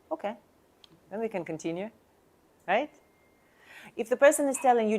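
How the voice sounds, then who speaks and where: A woman's voice: on the low side, normal speed, long pauses, a little mellow. A woman coaching real estate agents on sales talk, speaking emphatically in non-native English and asking the listener rhetorical questions.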